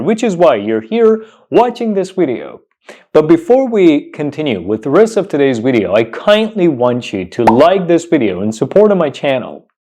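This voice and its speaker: Male pronunciation tutor, slightly high voice, lively and emphatic, drills words by repetition. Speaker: English pronunciation teacher. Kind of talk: online pronunciation lesson.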